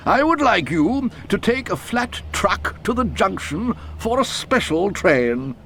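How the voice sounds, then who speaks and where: A man voicing a brisk, commanding middle-aged railway boss in a storybook. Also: high voice, sing-song, a bit bright, faint music behind, voice pushed up, full character voice.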